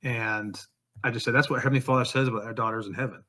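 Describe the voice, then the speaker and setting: An earnest man tells his story in a relaxed interview. His voice is bright and forceful, sitting at an everyday pitch. He speaks heartfelt and sincere throughout. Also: fast. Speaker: author and songwriter guest.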